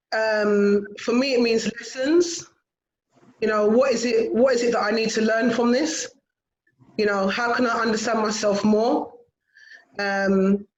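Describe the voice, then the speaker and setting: Woman author, reflective, warm, lots of fillers, dull lo-fi sound. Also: medium pitch, reverberant. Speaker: author and guest. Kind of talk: casual interview chat.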